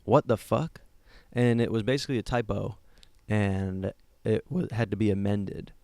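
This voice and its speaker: A man's voice: lowish voice, steady tone, moderate pace, a little mellow, dry recording. A man co-hosting a comedy podcast, rambling through jokey stories and slipping into silly voices. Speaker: podcast co-host. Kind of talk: casual comedic chat.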